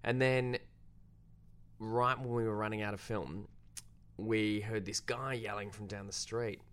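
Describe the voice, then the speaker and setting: Lively young Australian man telling a story. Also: unhurried. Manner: animated, self-deprecating, jumps pitch when quoting. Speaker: filmmaker guest. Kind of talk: casual storytelling.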